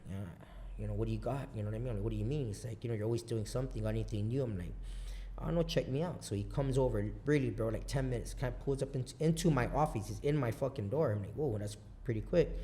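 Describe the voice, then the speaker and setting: A man from Guam, a business owner guesting on a podcast, telling stories in casual chat, swearing a lot and talking in an animated way. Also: lowish voice, a little hiss or hum. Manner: profane, animated storyteller.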